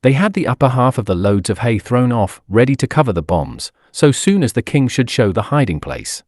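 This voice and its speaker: Expressive male audiobook narrator, dry close sound. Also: medium pitch, a little fast, few pauses, no echo. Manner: expressive dramatic reading.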